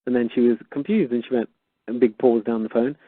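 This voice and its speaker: A man telling stories as a guest on a call-in show, acting out the conversations with sudden jumps up in pitch. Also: fairly even intonation, fairly quick, husky, no echo. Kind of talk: casual storytelling, acting out conversations. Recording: tinny phone line.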